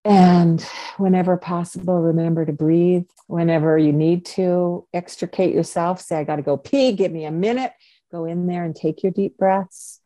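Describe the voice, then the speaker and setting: A woman's voice: fairly low pitch, fairly even intonation, normal speed, dark tone, no room sound. An older woman co-hosting a parenting podcast, giving playful advice in a casual chat and laughing often. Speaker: podcast co-host, parenting coach.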